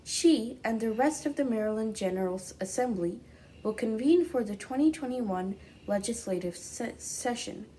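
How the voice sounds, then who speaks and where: A woman's voice: on the high side, animated, normal speed, mellow, a little hiss or hum. A girl anchoring a school news show, reading a formal news item. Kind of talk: read news segment.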